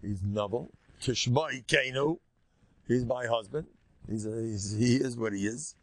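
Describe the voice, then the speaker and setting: An older man voicing Abigail, a wise and pious young woman, pleading in a hushed, earnest way. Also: mid-range voice, a little slow, no room sound, natural voice.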